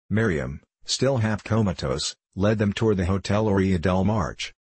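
A man reading a classic short story aloud in a measured, plain storytelling manner. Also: low voice, a little mellow, slightly rough, no room sound. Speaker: audiobook narrator.

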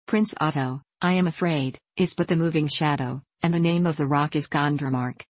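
A woman's voice: low voice, moderate pace, no echo. A woman voicing a courteous, self-mocking middle-aged prince in a storybook reading. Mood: wry. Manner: courteous, gently teasing.

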